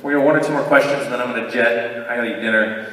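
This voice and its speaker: A man's voice: medium pitch, racing, fairly bright tone, recorded from a distance. Rambling man in an echoey hall. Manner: rambling, chatty, laughs often. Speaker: voice actor convention guest. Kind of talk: casual convention Q&A. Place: convention panel room. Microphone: audience camera far from stage.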